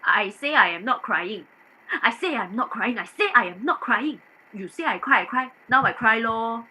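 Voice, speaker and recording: A woman's voice: on the high side, normal speed, sharp tone. A woman playing a self-pitying, melodramatic wealthy employer, in a staged play reading. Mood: whiny. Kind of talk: staged play reading over video call.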